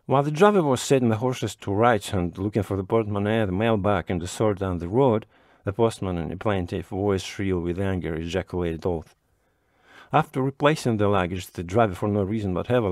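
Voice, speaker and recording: A man reading a classic short story aloud as measured, expressive audiobook narration. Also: deep voice, no room sound, clean studio sound.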